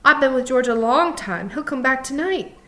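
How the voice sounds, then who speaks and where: A woman's voice: high-pitched, lively intonation, normal speed, fairly bright tone, pitched above the performer's own voice. A woman doing Lennie, a raised, pleading farmhand. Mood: anxious, insistent. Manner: pleading, insistent, simple speech. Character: huge childlike slow-witted farmhand, anxious man.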